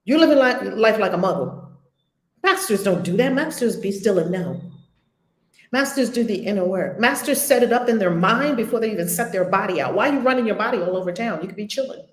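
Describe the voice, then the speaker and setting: A woman's voice: mid-range voice, brisk, echoey room. A woman spiritual teacher leading a group discussion, emphatic and blunt, sometimes swearing and acting out little scenes. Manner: animated, acts out little scenes.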